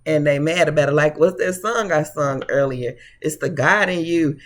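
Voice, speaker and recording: Give me a high-voiced man doing a casual tarot reading to camera, sassy and preachy. He calls the viewers honey and baby and laughs easily between his points. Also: moderate pace. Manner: laughs often. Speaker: tarot reader.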